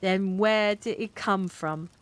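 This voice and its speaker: Bedtime storybook: woman voicing a blustering, sarcastic old-school bobby, mid-pitched. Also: slow, natural voice. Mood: stern. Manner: blustering, slightly sarcastic, ungrammatical speech. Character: gruff stubborn male London policeman, middle-aged. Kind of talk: cozy bedtime read-aloud.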